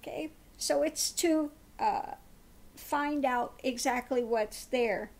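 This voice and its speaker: A woman's voice: high-pitched, slow, darkish tone. A woman giving a spiritual tarot card reading in a meandering way, often laughing. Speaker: tarot reader.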